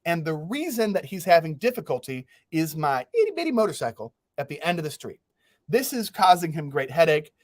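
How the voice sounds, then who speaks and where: Brief: male podcast host, younger adult, lively storyteller with a slightly raised pitch, dry close mic. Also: brisk, no echo. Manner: animated, laughs through his stories, swears freely. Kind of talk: casual storytelling chat.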